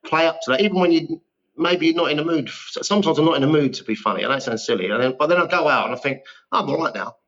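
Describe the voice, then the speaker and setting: A man's voice: a little high, quick pace, fairly bright tone, highs cut off. A man in his fifties, a guest actor telling rambling, self-deprecating stories in a casual interview. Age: 50s.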